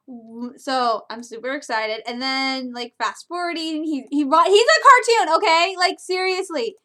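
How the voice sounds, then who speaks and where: A woman in her twenties from Michigan gushing casually about a movie trailer in a reaction video, excitable and quick to laugh. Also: high-pitched. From Michigan, USA.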